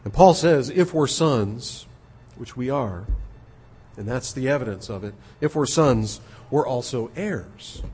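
Earnest husky-voiced male preacher. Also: mid-range voice, lively intonation, a little mellow. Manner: earnest, measured, with frequent repetitions. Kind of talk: expository sermon.

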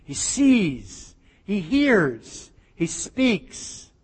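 A man delivers a sermon in a high, light voice, pressing his points with emphatic rises and then sinking to hushed asides. A long reverb trails behind every phrase. He talks like a pastor who is working through the passage for his congregation. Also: extremely slow, breathy edge. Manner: animated, emphatic preaching with sudden drops to near-whisper.

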